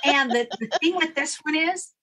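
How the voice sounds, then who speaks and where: A woman's voice: high voice, moderate pace, sharp tone. Firm, instructive woman guest. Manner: firm, instructive, explains step by step. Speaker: guest, name expert. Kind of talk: casual interview chat.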